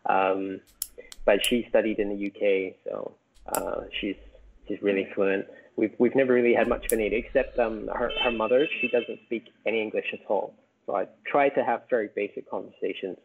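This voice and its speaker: A man from Scotland with a softened Scottish accent, chatting casually as a podcast guest, rambling and correcting himself as he goes. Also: on the low side, fairly even intonation, moderate pace, a little hiss or hum. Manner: rambling, self-correcting, chuckles often. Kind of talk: casual chat. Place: home in Vietnam. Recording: tinny phone-like remote call.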